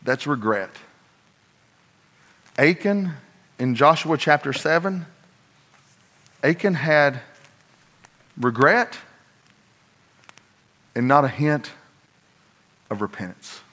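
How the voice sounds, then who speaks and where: A man preaching a sermon, telling a personal story, moving between hushed asides and loud, emphatic points. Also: on the high side, animated, slow, pauses often. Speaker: pastor.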